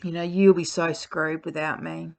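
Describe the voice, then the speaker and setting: A woman's voice: low-pitched, flat delivery, normal speed, vocal fry, a little mellow. A woman voicing a manipulative male ex-partner, quoting his bitter, mocking retorts to a partner who is leaving. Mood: bullying. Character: manipulative male ex-partner, pleading then bullying.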